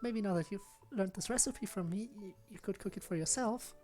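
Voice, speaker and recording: A man putting on a shy soft-spoken young woman. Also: high-pitched, brisk, faint music behind, voice pushed up, lightly acted. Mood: gentle. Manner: soft, hesitant, polite. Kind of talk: reading visual novel lines aloud.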